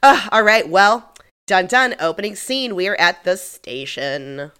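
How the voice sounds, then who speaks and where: A woman's voice: medium pitch, measured pace, clean tone. A woman co-hosting a podcast, chatting casually about a TV episode with frequent exclamations. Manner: expressive, exclaims and laughs often. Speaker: podcast co-host. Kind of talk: casual episode recap chat.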